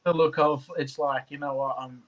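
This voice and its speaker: A man's voice: a little high, little pitch movement, normal speed, lo-fi sound. A young man in his twenties, a guest talking in an easygoing, modest way over a video call. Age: 20s. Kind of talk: casual chat.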